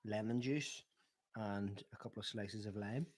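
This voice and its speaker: A man's voice: on the low side, measured pace, darkish tone. Man teasing his mate in casual banter. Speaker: co-host of a football watchalong. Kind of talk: casual chat.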